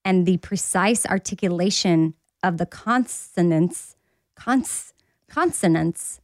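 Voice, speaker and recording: A woman's voice: lowish voice, slow, dry recording, studio quality. A woman in her thirties co-hosting a podcast, a mom who also works in live radio, talking in a casual chatty way. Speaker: podcast co-host. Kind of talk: casual chat.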